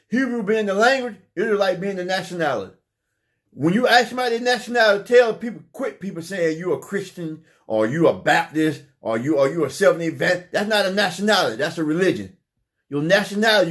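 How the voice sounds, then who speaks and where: A man delivering an impassioned preaching monologue, fervent, often repeating phrases and stumbling over his words. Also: sits high. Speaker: religious speaker.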